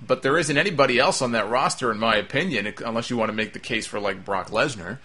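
A man's voice: medium pitch, quick pace, sharp tone, breathy edge. A man hosting a solo commentary podcast, ranting in a sarcastic, profane, casual way. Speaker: wrestling podcast host.

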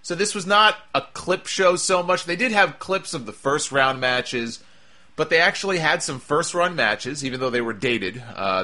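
A man's voice: medium pitch, bright, forceful tone. A man giving a casual, chatty recap of a wrestling show, with wry asides and frequent fillers.

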